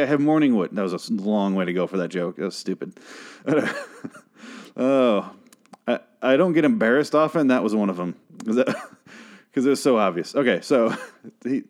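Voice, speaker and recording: A man's voice: mid-range voice, darkish tone. A man hosting a casual solo TV review, rambling, sarcastic and full of swearing. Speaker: show review host.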